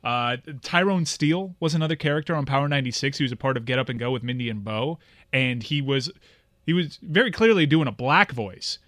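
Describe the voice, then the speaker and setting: A man's voice: mid-range voice, fairly quick, a bit bright, no echo, studio quality. A man from South Florida co-hosting a radio chat, telling stories from his childhood with a chuckle. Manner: reminiscing storyteller, chuckling. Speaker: radio co-host.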